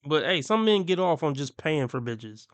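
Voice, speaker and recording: A man's voice: fairly high pitch, sing-song, normal speed, no room sound. A man ranting bluntly and crudely as he reacts to clips on his stream. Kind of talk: ranting commentary.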